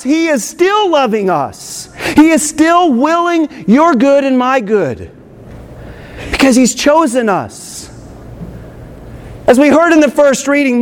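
A male priest giving an excited, emphatic homily in church, drawing out key phrases slowly. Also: very high-pitched. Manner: excited, emphatic preaching with slow drawn-out phrases.

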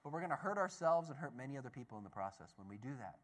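Animated male storyteller, loud-soft swings. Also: medium pitch, very fast. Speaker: Catholic speaker. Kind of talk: storytelling talk to an audience.

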